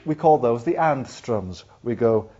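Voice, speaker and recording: A man's voice: mid-range voice, lively intonation, a little slow, over loud music. A man teaching the ukulele, explaining patiently step by step as he demonstrates. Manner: patient, counts beats aloud while demonstrating. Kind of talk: instructional lesson. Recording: slightly dull lo-fi video recording. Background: ukulele playing.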